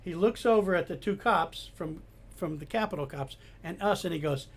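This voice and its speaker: An older man, a retired police detective, telling animated anecdotes in a casual chat. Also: high-pitched, moderate pace, breathy edge. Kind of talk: casual storytelling.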